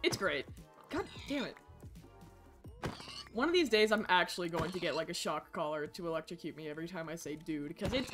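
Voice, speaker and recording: A woman streaming a survival game live, chatting with viewers and yelling at the game, swinging from low mumbles to shrieks.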